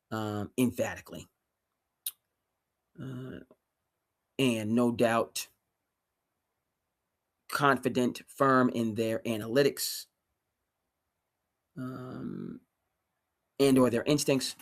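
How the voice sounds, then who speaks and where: A sports talk host delivers an animated, emphatic rant, his voice sitting at an ordinary middle pitch. He talks to viewers in a loose, streetwise way and often jumps to sudden loud bursts. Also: drawn-out words, long pauses. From New England. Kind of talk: solo sports talk livestream.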